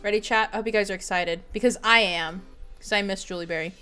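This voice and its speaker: A woman hosting a live stream in casual chat, hyper and excitable, meowing playfully at her chat. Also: mid-range voice, fast talker, clear, resonant tone, soft background music. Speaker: streamer host.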